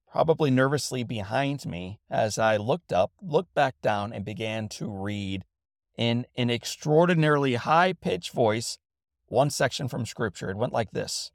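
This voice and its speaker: A middle-aged man hosting a reflective spoken essay, telling a story in an earnest, measured way and reading passages reverently into a studio microphone. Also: mid-range voice, vocal fry, no echo. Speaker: host and motivational speaker.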